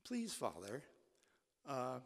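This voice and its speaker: A man's voice: mid-range voice, wildly swooping pitch, slow pace, gravelly, full character voice. A man voicing a fussy little boy at the breakfast table while telling a joke to an audience. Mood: whiny. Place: church. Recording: long reverb in a church.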